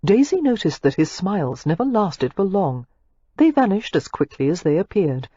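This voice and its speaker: Brief: low, husky female audiobook narrator, animated delivery, dull dry sound. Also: dry recording. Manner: expressive, measured storytelling. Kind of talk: scripted romance narration.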